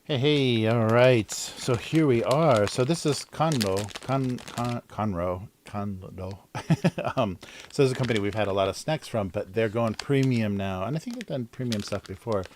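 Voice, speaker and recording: A man's voice: mid-range voice, moderate pace, slight background noise. A middle-aged man chatting casually on a livestream while drawing, rambling, cutting himself off and laughing often. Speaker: cartoonist livestreamer.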